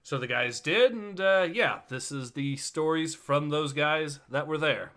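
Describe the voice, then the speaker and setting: A man's voice: fairly high pitch, measured pace, fairly bright tone. A man hosting a casual livestream, chatty with many fillers and restarts. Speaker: livestream host.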